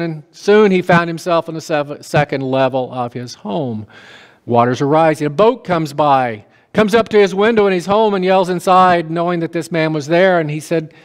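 A man's voice: fairly high pitch, clean tone, long reverb tail. A man pastor preaching a sermon in a folksy, conversational way, with asides and questions to the congregation. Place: church sanctuary.

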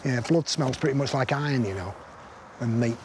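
A man's voice: mid-range voice, normal speed, noisy background, lightly acted. An actor playing a blunt, middle-aged army veteran who swears constantly and rambles through grim stories, asking "right?" as he goes. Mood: disgusted. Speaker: soldier telling a war story. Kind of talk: film drama acting.

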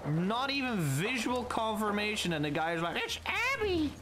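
Lively, swearing gamer over game noise. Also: medium pitch, normal speed. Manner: playful, swears a lot, taunts game enemies. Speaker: let's play gamer. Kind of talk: casual gameplay commentary. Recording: game sounds behind voice.

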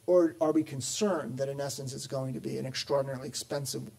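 A man's voice: mid-range voice, fairly even intonation, fast talker, gravelly, a little mellow. A man giving a policy talk at a conference, explaining at length with frequent fillers and restarts. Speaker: panel speaker on sovereign debt. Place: conference or lecture setting.

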